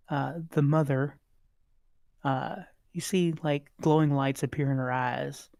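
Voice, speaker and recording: A man narrating as dungeon master of a tabletop game, halting, with many fillers. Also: medium pitch, no echo, clean studio sound. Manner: relaxed, halting, many fillers, voices characters lightly.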